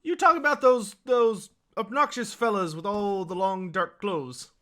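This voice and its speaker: A chatty, homely tavern keeper in a tabletop fantasy game, voiced by a man. He sounds friendly and folksy, with a high, bright voice that carries. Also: unhurried. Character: friendly homely middle-aged male tavern barkeep.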